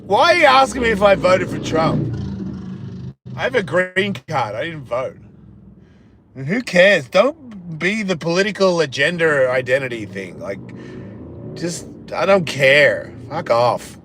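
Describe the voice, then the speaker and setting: A man's voice: sing-song, measured pace, a bit bright, a little hiss or hum. A man, hosting a live stream, chatting casually and bluntly with plenty of swearing as he reacts to viewer comments. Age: 50s. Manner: profane, blunt, jokey, drops into a low mumble. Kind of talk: rambling casual chat reading viewer comments.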